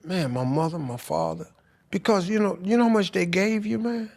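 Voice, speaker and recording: Gravelly older man telling emotional stories. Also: high-pitched, moderate pace, a little mellow. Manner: emotional storytelling, slangy and profane. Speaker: guest. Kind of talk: candid podcast conversation.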